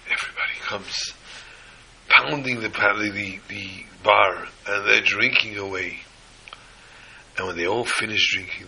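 A man preaching a sermon, telling a story with lively emphasis. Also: on the low side, gravelly, slightly rough, low-quality recording. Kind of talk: sermon with a told joke.

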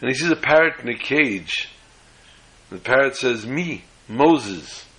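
A man's voice: medium pitch, animated, normal speed, bright, forceful tone, poor audio. A man giving a Torah class lecture, explaining step by step and often restarting or rephrasing words mid-sentence. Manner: tells jokes as illustrations. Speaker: Torah teacher.

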